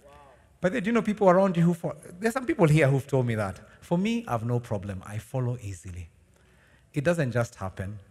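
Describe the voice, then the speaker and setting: Male pastor, animated sermon delivery, reverberant church hall sound. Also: medium pitch, a little fast. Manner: animated preaching with rhetorical questions and laughs.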